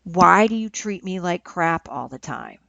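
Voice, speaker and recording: A woman voicing a volatile young man who shouts in rage and later stammers tearfully. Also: lowish voice, expressive, measured pace, gravelly, dry recording, full character voice. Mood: raging. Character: volatile young man, angry then pleading. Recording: dull lo-fi recording.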